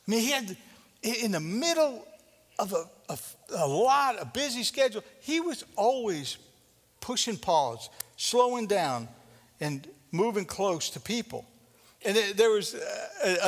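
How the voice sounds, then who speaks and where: A man preaching a conversational sermon as pastor, often repeating words and swinging between loud and soft. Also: sits high, in a large hall.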